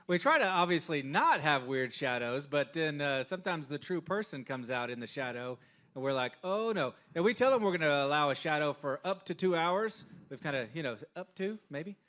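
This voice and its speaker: Panelist, man, slightly high voice, plain halting delivery. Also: expressive, fairly bright tone.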